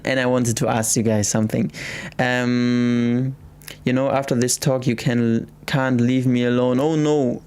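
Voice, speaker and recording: A young man with a German accent hosting a casual late-night livestream, reading viewer comments aloud and answering in a soft, hesitant way with many restarts. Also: mid-range voice. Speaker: livestream host.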